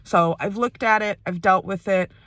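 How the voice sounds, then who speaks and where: A woman's voice: medium pitch, moderate pace, a bit bright, no echo. An American woman talking candidly and at length in a personal vlog, recorded inside a parked car. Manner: chatty, rambling, candid. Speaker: vlogger.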